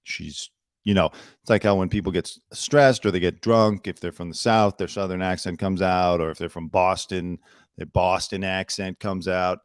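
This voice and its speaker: A man's voice: sits low, fairly even intonation, moderate pace, no echo, clean studio sound. Opinionated man hosting a news show. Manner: opinionated, chatty, sarcastic asides. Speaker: host. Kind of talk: casual news commentary.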